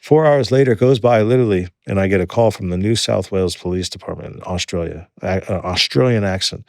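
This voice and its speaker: A man in his thirties, a podcast guest, telling a story in an animated way and acting out the dialogue. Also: low voice, fairly quick, gravelly, few pauses, no room sound, clean studio sound. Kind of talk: storytelling in an interview.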